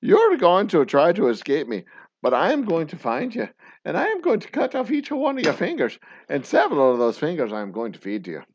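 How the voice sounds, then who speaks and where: A man voicing a menacing Irish father who is hunting his daughter's kidnapper, in a deliberately bad Irish accent, with loud, growled threats. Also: a little high, wildly swooping pitch, lo-fi sound. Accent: put-on bad Irish accent.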